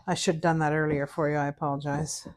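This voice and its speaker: A woman's voice: low-pitched, level tone, fast. Chatty Canadian woman baking and humming. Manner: chatty, hums and sings to herself while working. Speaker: cooking instructor. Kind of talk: casual cooking tutorial chat.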